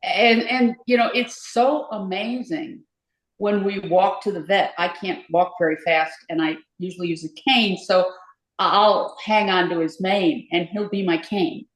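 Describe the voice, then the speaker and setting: An older woman, a podcast guest, telling warm stories in a casual interview and laughing easily. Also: fairly low pitch, fairly even intonation, measured pace. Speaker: podcast guest, endurance rider. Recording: echoey room.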